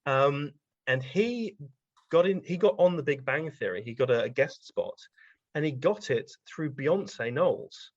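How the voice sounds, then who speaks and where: A man's voice: on the high side, lively intonation, a little slow, dry recording. Rambling male podcast guest, dry sound. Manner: rambling, anecdotal, frequent ums. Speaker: guest science writer. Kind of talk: casual interview storytelling. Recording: dry, slightly dull podcast audio.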